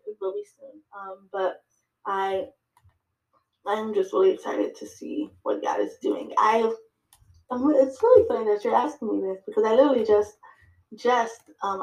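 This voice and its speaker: Animated woman telling a story, roomy echo. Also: mid-range voice. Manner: animated storyteller, acts out her own dialogue; halting, with many fillers and restarts. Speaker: podcast guest and podcaster. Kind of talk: casual interview chat.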